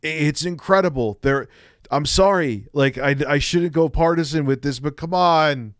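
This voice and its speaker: A man's voice: a little high, normal speed, no room sound, clean studio sound. A man streaming live and reacting to another creator's video with sarcastic, mocking commentary.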